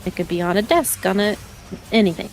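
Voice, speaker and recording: A woman's voice: mid-range voice, fairly quick. A young woman with a mid-range voice chats casually while she games, telling rambling anecdotes and laughing often. She talks into a desk microphone. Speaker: streamer. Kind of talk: casual chat while gaming.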